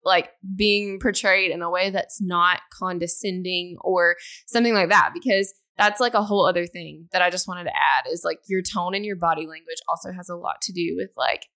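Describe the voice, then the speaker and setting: A woman's voice: fairly low pitch, fairly even intonation, moderate pace, bright, forceful tone. A young adult woman co-hosting a podcast, speaking earnestly and casually with lots of filler words. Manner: earnest, rambling, heavy use of "like". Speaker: podcast co-host. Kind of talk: casual chat.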